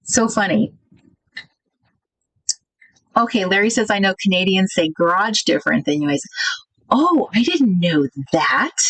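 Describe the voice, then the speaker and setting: A woman's voice: mid-range voice, lively intonation, a little slow, long pauses, no room sound, low-quality recording. Chatty woman host, dry sound. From United States. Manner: chatty, thinks out loud, reads viewer comments. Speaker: craft livestream host. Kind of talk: casual livestream chat.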